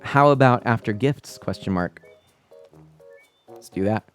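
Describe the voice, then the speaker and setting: With faint music behind him, a man in his thirties speaks a little slowly in a lowish voice while hosting a family-friendly live stream. He chats loosely and reads viewer comments, laughing often, rambling, and using many fillers and restarts.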